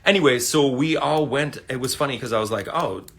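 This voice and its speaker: A man's voice: medium pitch, a little fast. A man telling a long, rambling, profanity-laced story in a laid-back, casual way while talking into his phone on a livestream. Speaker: livestream host.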